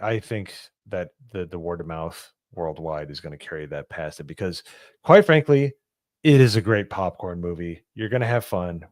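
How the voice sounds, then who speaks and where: A man with a very low voice, giving blunt, opinionated takes as a podcast guest. The recording is dry and close. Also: dry recording. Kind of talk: casual podcast chat.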